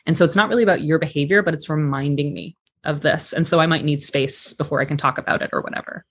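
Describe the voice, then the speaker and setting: A man's voice: on the high side, quick pace, fairly bright tone. A man guest on a podcast, speaking candidly and reflectively in casual conversation, with some swearing. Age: adult parent.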